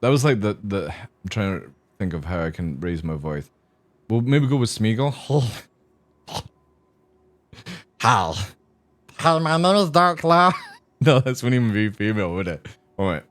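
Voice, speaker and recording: A man's voice: on the low side, animated, normal speed, a little mellow. A man livestreaming a game, chatting casually with viewers in a crude, joking, rambling way. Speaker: gaming streamer. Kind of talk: casual live-stream chat.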